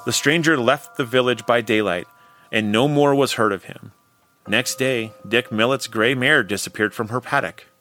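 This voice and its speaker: Bright male narrator for a period ghost story, measured and expressive. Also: medium pitch, soft background music.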